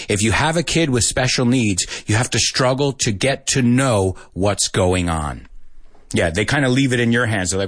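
A man's voice: lowish voice, normal speed, no echo, studio quality. A man hosting a casual bilingual chat, switching between English and Spanish as he talks and chuckling often. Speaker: podcast host teaching Spanish speakers English.

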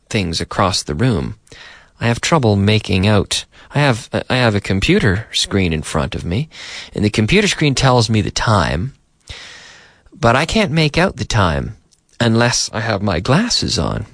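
Lively low-voiced male radio teacher. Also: no echo, clean studio sound. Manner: lively, repeats and rephrases for learners. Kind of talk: radio language lesson. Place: radio studio. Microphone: studio microphone.

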